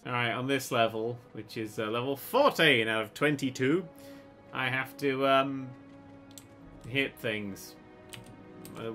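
A young man narrates his gameplay in a high, very bright voice, jumping between quick muttered plans and sudden sweary yelps. Faint game music plays beneath his commentary. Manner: excitable, sweary, yelps and shouts when hit. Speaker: gaming YouTuber. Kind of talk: comedic let's play commentary.

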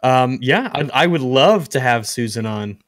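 A man appearing as a guest on a casual live stream, easygoing, jokey and quick to agree. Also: medium pitch, animated, no echo, studio quality.

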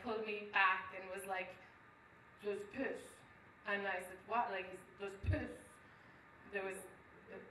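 Irish woman comic, self-deprecating storyteller, sharp, higher voice, heard from a distance in an echoey live room. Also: slight background noise. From Ireland. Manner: rambling, self-deprecating, lots of "like" and "um". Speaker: stand-up comedian. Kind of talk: stand-up storytelling with crowd work. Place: live venue with an audience.

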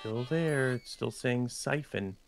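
Man, slow drawl, casual gameplay talk, repeats himself, mid pitch. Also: gravelly, soft background music. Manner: slow, laid-back, repeats short phrases. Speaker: gaming channel co-host.

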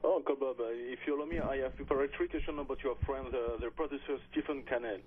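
A man from France calling into a radio show with a French accent, asking polite, halting questions and searching for his words. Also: mid-range voice, phone-quality sound, a little hiss or hum. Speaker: caller. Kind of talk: phone-in questions to a radio host.

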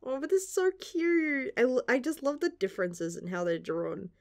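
A woman's voice: high-pitched, very animated, normal speed. Giggly young woman gushing over comics. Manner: gushing, giggly, swears casually. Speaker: manga reviewer. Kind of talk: casual chapter reaction.

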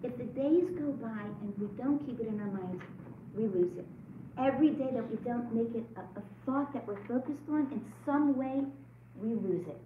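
A woman's voice: a little high, moderate pace, slight background noise. A woman teaching a religious study group to a room, earnest, often asking the listeners questions. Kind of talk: religious class talk. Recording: echoey lo-fi room recording from far off.

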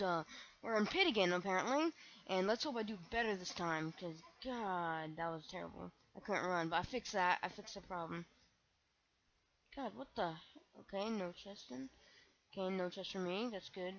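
A young woman commenting on her own gameplay, excitable and self-mocking, breaking into shrieks when panicked. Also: mid-range voice, moderate pace, muffled recording, a little hiss or hum. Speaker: gaming channel host.

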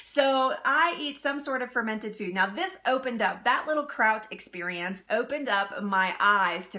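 A woman's voice: medium pitch, pushed and bright. A woman hosting a live cooking stream, chatting casually, laughing often and answering viewer comments. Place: home kitchen.

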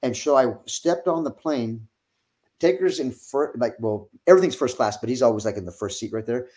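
Middle-aged male guest, lively storyteller who swears and laughs, streaming mic. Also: medium pitch, brisk. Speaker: wrestling guest. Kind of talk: casual storytelling.

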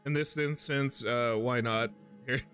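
A man's voice: medium pitch, steady tone, a little slow, fairly bright tone, soft background music. Profane, rambling male game streamer. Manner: laughing often, profane, rambling. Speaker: gaming streamer. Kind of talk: casual gameplay commentary.

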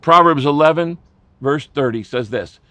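Impassioned preacher man, higher voice. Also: moderate pace, no room sound. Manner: impassioned, swinging between loud emphasis and hushed low lines. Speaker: pastor. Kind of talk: sermon.

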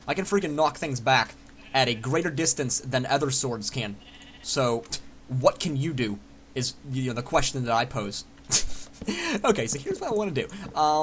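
A young man giving casual, excitable commentary while playing a building game, chatting to himself and swearing freely. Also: medium pitch, a little hiss or hum. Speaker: Minecraft let's player.

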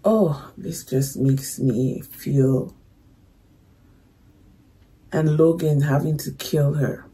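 A young woman casually talking through her reaction to a movie, emotional and soft-spoken, fond with her viewers. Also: low voice, steady tone, drawn-out words, pauses often, slightly rough, low-quality recording.

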